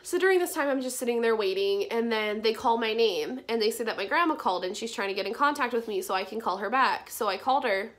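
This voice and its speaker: A young woman with a slightly high voice recounts a personal story in a casual vlog. She talks in a chatty way, dropping "like" often and swearing freely as she retells it. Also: animated, fast talker, few pauses, a bit bright. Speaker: vlogger.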